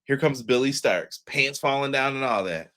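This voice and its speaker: A man's voice: medium pitch, moderate pace, a bit bright. A man co-hosting a wrestling review podcast, talking loosely in slang with lots of fillers and laughs. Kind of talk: casual show review chat.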